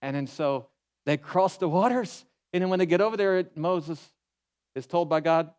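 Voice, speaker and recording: A pastor giving a sermon in an animated, folksy way, mixing humor into his storytelling. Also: high-pitched, normal speed, clean tone. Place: church.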